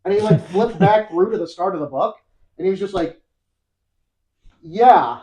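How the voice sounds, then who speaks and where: A young-adult podcast host casually retelling a story, animated and rambling, laughing often. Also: mid-range voice, a little fast, low-quality recording.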